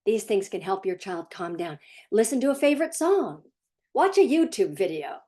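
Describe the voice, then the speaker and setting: A woman parent coach talking casually to the camera in a sarcastic, animated way, sometimes laughing as she speaks. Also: mid-range voice, moderate pace. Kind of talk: casual vlog commentary.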